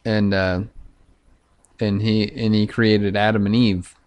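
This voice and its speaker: A man talking in a loose, profane, halting monologue full of fillers, vlogging to camera. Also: fairly low pitch, little pitch movement, a little mellow, smooth, dull audio. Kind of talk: casual rambling monologue.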